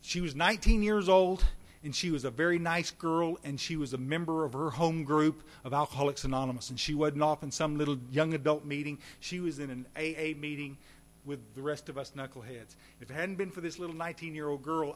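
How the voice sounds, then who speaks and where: A man telling his recovery story at a meeting, folksy and animated, talking straight to the audience. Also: fairly high pitch, brisk. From Texas. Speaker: recovery speaker.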